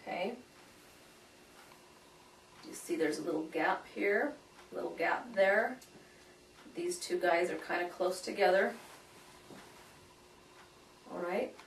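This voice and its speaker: Woman violin teacher, friendly step-by-step explaining, slightly low voice, distant camera mic, faint room hum. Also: slow pace, long pauses, roomy sound. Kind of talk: instructional demonstration.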